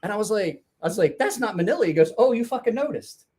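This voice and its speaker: A man's voice: high voice, lively intonation, fast talker, a little mellow, slightly rough. A man telling a rambling, profane anecdote in casual chat, laughing along. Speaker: storyteller guest.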